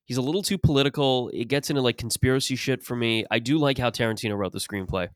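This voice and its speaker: A man's voice: medium pitch, fast talker, no room sound. A man from Canada hosting a podcast, chatting casually and teasing his guest. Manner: dry, teasing. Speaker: podcast host. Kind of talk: casual chat.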